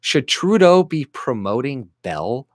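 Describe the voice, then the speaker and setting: A man's voice: medium pitch, very animated, slow pace, no echo, studio quality. A Canadian man ranting casually about politics, profane, with frequent restarts and mocking quoted voices. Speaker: political commentary vlogger.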